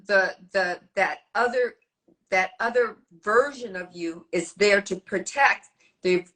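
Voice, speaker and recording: Slow, bright-toned woman thinking aloud. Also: on the low side, poor audio. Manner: searching, halting, restarts phrases. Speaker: podcast guest. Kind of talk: casual podcast conversation.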